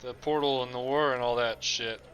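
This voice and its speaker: A man playing a tabletop game, talking in a dry, deadpan way. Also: mid-range voice, normal speed. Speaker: player. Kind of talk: casual game chat.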